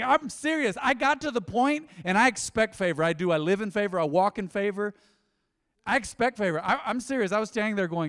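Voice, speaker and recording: A man preaching a sermon as pastor, telling stories with lively swings between loud and soft delivery. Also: high-pitched, a little fast, long reverb tail.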